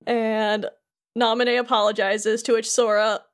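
A woman's voice: on the high side, flat delivery, measured pace. A woman co-hosting a casual podcast, retelling a game's story scene by scene and quoting the characters in her own voice. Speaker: podcast co-host.

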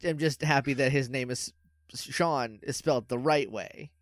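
A man's voice: medium pitch, a little slow, no echo. A man hosting a tabletop game chat, jokey and laughing often.

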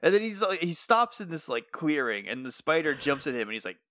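A young man co-hosting a podcast, chiming in with quick, giggly remarks while recapping a show. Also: a little high, very animated, pushed and bright, dry recording, clean studio sound. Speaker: podcast co-host. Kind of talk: casual recap chat.

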